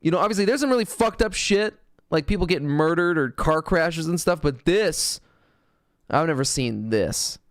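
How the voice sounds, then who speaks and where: A man's voice: on the high side, expressive, normal speed, dry recording, clean studio sound. A man casually chatting as a streamer reacting to clips, rambling and swearing as he goes.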